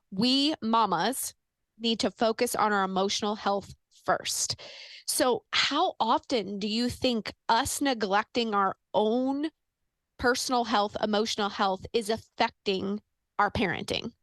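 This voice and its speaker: A middle-aged woman hosting a podcast, talking in an earnest, animated way and telling stories casually. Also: fairly high pitch, a little slow, no room sound. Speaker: podcast host.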